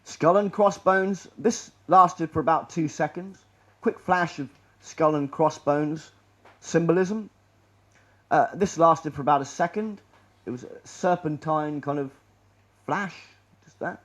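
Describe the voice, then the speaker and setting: Man presenter, fairly high voice, rambling sardonic talk to a room. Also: measured pace. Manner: rambling, sardonic, trails off quietly. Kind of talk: public presentation. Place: lecture room.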